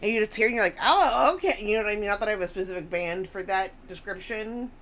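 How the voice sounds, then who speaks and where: A woman's voice: mid-range voice, steady tone, rapid-fire, a bit bright, slight background noise. A woman chatting casually on a live stream, rambling and reading chat messages aloud.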